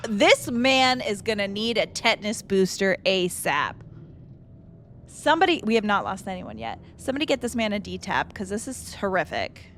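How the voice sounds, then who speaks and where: A woman's voice: medium pitch, a bit bright, slight background noise. A young woman streaming a horror game, joking and swearing bluntly as she plays, with faint game music behind. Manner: blunt, profane, joking asides. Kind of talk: casual gameplay commentary.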